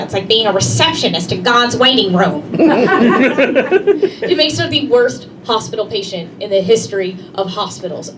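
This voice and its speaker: A woman's voice: mid-range voice, expressive, normal speed. A woman performing a stand-up comedy set, brash and conversational, talking straight to the crowd. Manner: brash, conversational, addresses the audience directly. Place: comedy club stage. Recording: distant mic, noisy room ambience.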